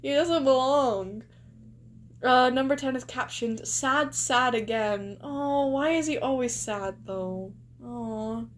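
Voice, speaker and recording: A young woman streamer reacts in a casual chat, her voice sitting high and slow, with slight background noise. She's chatty, exclaiming and gushing, using lots of "likes" and rhetorical questions.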